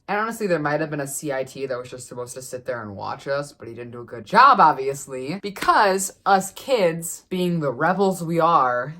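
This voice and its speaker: Low-voiced woman telling a chatty story. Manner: chatty, animated retelling with lots of fillers. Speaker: vlogger. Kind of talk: casual storytelling.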